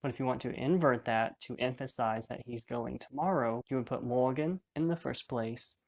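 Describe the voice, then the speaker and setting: A man's voice: medium pitch, moderate pace, creaky. Man explaining a lesson patiently. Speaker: language teacher.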